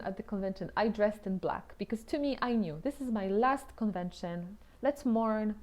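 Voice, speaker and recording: Woman vlogger, casual personal storytelling, chatty with restarts and exclamations, slips into half-whispers. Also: medium pitch. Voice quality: lively, often drops into soft half-whispered asides. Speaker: vlogger telling her own story.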